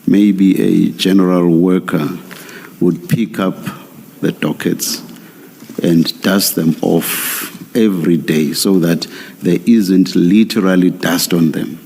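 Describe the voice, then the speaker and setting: A man, a commissioner chairing an inquiry, asking pointed questions deliberately with occasional stammers. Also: low-pitched, fairly even intonation, vocal fry, darkish tone, husky.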